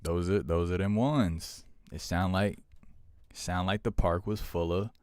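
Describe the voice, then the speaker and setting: A man's voice: low-pitched, a little slow, darkish tone, no room sound, studio quality. A young man hosting a livestream, chatting casually with viewers and repeating himself in a laid-back way. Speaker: livestream host.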